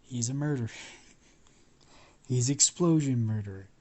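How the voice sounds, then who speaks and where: A man's voice: mid-range voice, a little slow, darkish tone. A man improvising a fan story aloud, rambling with restarts and swearing.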